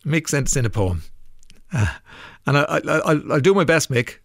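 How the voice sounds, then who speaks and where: A man's voice: a little high, lively intonation, normal speed, creaky, dry recording, studio quality. A man with an Irish accent hosting a radio show, chatting casually and reading out listener messages with frequent "uh"s. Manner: chatty, laughs easily, with frequent filler "uh"s. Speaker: radio host. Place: radio studio. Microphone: studio microphone.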